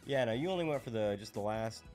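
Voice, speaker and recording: A man's voice: lowish voice, expressive, fast talker, a little mellow, faint music behind. Laid-back hesitant man. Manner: laid-back, hesitant, lots of ums and dry asides. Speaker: co-host. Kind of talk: casual chat while playing a video game.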